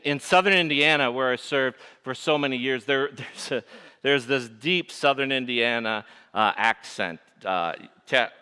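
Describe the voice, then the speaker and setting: A middle-aged man with a nasal Michigan accent preaching a sermon, swinging between forceful emphasis and hushed asides. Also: medium pitch, smooth. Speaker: pastor. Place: church sanctuary. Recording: echoey church sanctuary.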